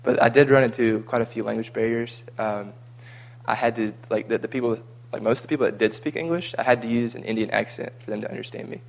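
Recounting a mission trip in a casual vlog chat, an American man speaks quickly with a medium-pitched, creaky voice and fairly even intonation. He tends to ramble and repeat himself.

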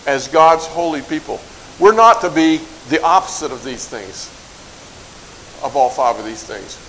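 A man teaching a Bible verse to a live group, light-hearted and joking, drawing out lists slowly as he recites. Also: on the high side, expressive, a bit bright, a little hiss or hum, rough recording. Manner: light-hearted, jokes and chuckles; slow, drawn-out recitation of lists. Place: in front of a group in a room.

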